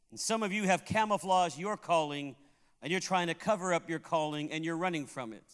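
A man's voice: high voice, fairly bright tone. A man preaching a sermon as pastor, telling funny stories and laughing at them, in a church sanctuary. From Puerto Rico. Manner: humorous storytelling, laughs at his own tales. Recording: long hall reverb.

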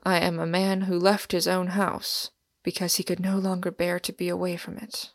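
A woman voicing a solemn, weary male pilgrim in an audiobook reading, speaking gravely and often half-whispering. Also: on the low side, completely flat delivery, normal speed, no echo, studio quality, close to an everyday voice. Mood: sorrowful.

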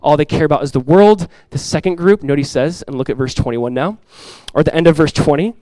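A man's voice: on the high side, fairly quick, no room sound, rough recording. Earnest middle-aged male pastor preaching. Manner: earnest, direct, repeats key lines to the congregation; acts out everyday voices with lively emphasis. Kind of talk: sermon. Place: church sanctuary.

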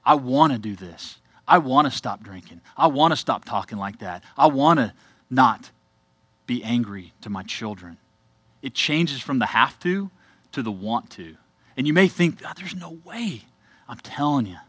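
A man preaching to a congregation, telling his own story with earnest emphasis and quiet asides. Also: mid-range voice, breathy edge, no room sound. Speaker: church speaker giving a testimony. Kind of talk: testimony sermon.

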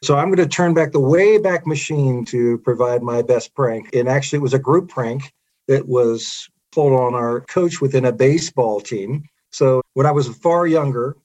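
A man's voice: mid-range voice, a little mellow. Man telling a rambling story. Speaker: panel guest. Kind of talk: casual storytelling.

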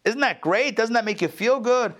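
A giddy, naive chicken, chirpy and eager, as a man puts it on mid-joke. The voice jumps up high and bubbles with rising questions. The manner stays bright and pleased throughout. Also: expressive, moderate pace.

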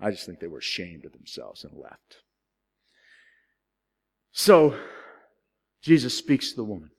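A man preaching a sermon, telling a story with big swings from loud, high excitement to quiet, low solemnity. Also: unhurried, creaky, long pauses, big-room sound. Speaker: pastor.

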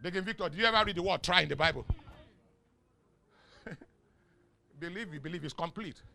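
A middle-aged man with a Nigerian accent preaching a sermon in call-and-response style. He swings from soft asides to shouts and chuckles often. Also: high voice, moderate pace, gravelly. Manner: chuckles often mid-sentence. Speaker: pastor.

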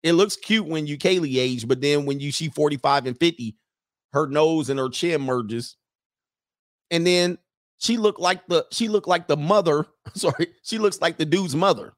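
A man's voice: on the high side, moderate pace, no echo, clean studio sound. Joking man hosting reaction commentary. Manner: joking, animated, laughs often. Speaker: host.

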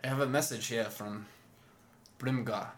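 A man's voice: medium pitch, fairly even intonation, moderate pace, fairly bright tone, slight background noise, natural voice. A man voicing a polite young male elf soldier delivering a message, in a stiff, formal way.

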